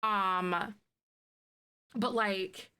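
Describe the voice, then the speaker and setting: A woman chatting casually on a live stream, excitable and talkative, a self-described loudmouth. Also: mid-range voice, extremely slow, clear, resonant tone.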